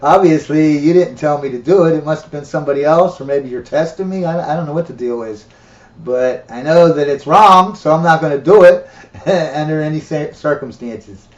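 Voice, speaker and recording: A man's voice: on the high side, moderate pace, natural voice. A man voicing a grown father who laughs off a false god in a plain, incredulous way. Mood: firm. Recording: dull, roomy recording.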